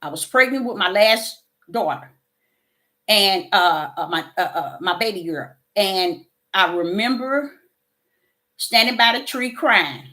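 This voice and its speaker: A woman's voice: medium pitch, animated, measured pace, sharp tone. A middle-aged woman giving a fervent spiritual testimony to her viewers, preachy and repeating her words. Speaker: YouTuber.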